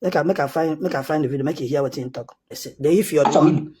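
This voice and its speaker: Husky Nigerian man, heated monologue. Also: fairly high pitch, quick pace, dark tone. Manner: heated, insistent and repetitive. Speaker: self-styled prophet. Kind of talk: casual commentary monologue.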